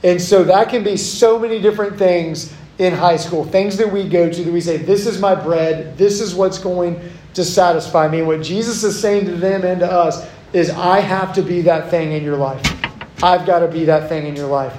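High-voiced young man preaching in an echoey hall. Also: steady tone, normal speed, darkish tone. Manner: conversational, relatable storytelling. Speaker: youth pastor. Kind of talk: sermon. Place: church hall.

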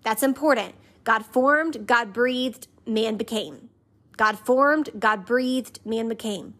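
A woman's voice: a little high, takes it slowly, a bit bright. A woman hosting a faith podcast, teaching conversationally and repeating key phrases in an emphatic rhythm while inviting listeners to say them back. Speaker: podcast host.

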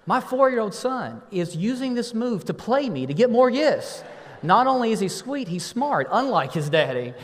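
Man, pastor, sermon, playful storyteller, slightly higher voice, long church reverb. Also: big pitch swings, normal speed. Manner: warm storytelling, playful with the congregation. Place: church sanctuary.

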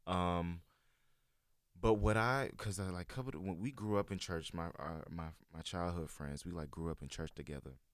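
A man in casual conversation, telling a personal church story in a relaxed, rambling way with many fillers. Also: low voice, normal speed, clear, resonant tone, dry recording, clean studio sound. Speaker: guest sharing his church experience. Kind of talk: casual chat.

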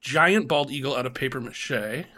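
A man's voice: medium pitch, normal speed, sharp tone. A man in his forties co-hosting a podcast, playful and mock-dramatic in casual chat. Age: 40s. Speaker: podcast co-host.

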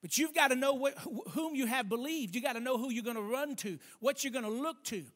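A man preaching a sermon, speaking emphatically, stretching key words slowly and calling for responses from the congregation. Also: very high-pitched, fairly bright tone. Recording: long hall reverb.

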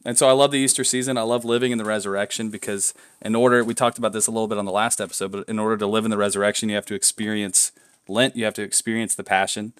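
A young man co-hosting a casual faith podcast, excitable and prone to loud whoops of joy. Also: lowish voice, racing, clean tone. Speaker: podcast co-host. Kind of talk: casual chat.

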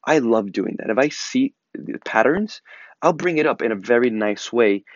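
A man's voice: medium pitch, lively intonation, moderate pace, dry recording, dull audio. A man hosting a casual advice monologue, talking earnestly and repeating himself with lots of fillers. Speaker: podcast host.

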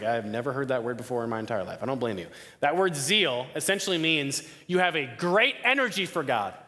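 A young man preaching a sermon to a campus crowd, lively, often asking the listeners questions. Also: fairly high pitch. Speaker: campus ministry speaker. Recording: long hall reverb.

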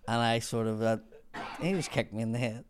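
A man's voice: medium pitch, a little fast, a little hiss or hum. A man, a podcast guest telling stories, swearing freely and acting out the people in them. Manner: swears freely, acts out other people's voices. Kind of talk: casual storytelling.

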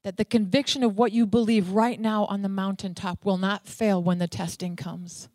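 A woman's voice: medium pitch, steady tone, moderate pace, warm tone, dry recording. A woman preaching a sermon, emphatic, dwelling on single words and repeating them for weight.

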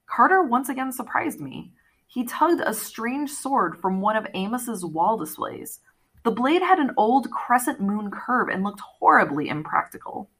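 Woman narrator for an audiobook. Bright, lively delivery that voices the characters. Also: on the high side, unhurried, breathy edge. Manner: expressive storytelling, voicing characters. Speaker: audiobook reader.

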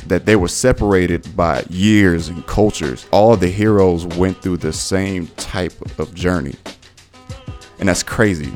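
A young man hosts a podcast in a low voice, telling stories with animated, slangy profanity. His talk is loose and casual, as if chatting with regular listeners. Soft music plays faintly underneath. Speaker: podcast host. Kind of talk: casual storytelling monologue.

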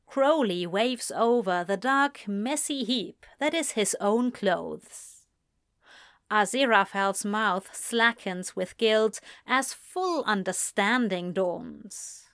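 A woman reading a story aloud as narrator, with slow, expressive storytelling. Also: mid-range voice, smooth, no room sound, studio quality. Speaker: audiobook reader. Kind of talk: narrating fan fiction aloud.

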